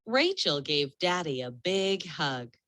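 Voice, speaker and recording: A woman reading a children's storybook aloud in a gentle, expressive way. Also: sits low, slow pace, dry recording.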